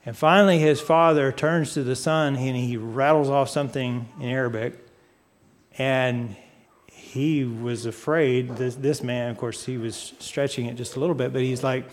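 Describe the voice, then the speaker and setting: A man preaching a sermon, speaking deliberately and putting questions to his listeners. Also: medium pitch, steady tone. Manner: asks the audience questions; unhurried, deliberate. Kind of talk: sermon teaching.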